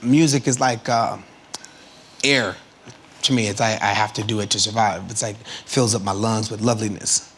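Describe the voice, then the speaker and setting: A man's voice: on the low side, fairly even intonation, moderate pace, fairly bright tone, a little hiss or hum. A man in casual chat on a television studio talk show, telling stories in a laid-back, playful, slangy way. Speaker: chat show guest, musician.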